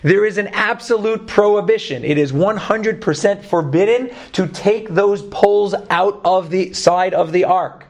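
A man with a Brooklyn accent teaching a Torah class, lively, joking and putting questions to his students. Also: sits high, unhurried, creaky, hardly any pauses.

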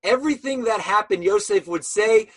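A man's voice: sits high, normal speed, slightly rough. A man teaching a Torah lesson as a sermon, telling stories animatedly and asking rhetorical questions.

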